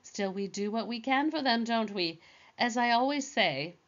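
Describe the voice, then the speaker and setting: A woman's voice: fairly high pitch, expressive, normal speed, lo-fi sound, pitched above the performer's own voice, close to an everyday voice. A woman voicing a gracious, chatty queen bee who talks like a fellow mother.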